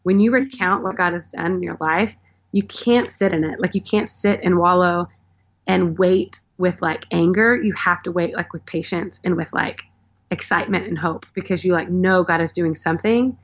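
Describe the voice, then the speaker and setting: A woman's voice: on the low side, moderate pace, breathy edge. A woman in her thirties talking earnestly about her faith as a guest, rambling a little and saying "like" often. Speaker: podcast guest. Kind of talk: casual faith conversation. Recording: slightly dull lo-fi sound.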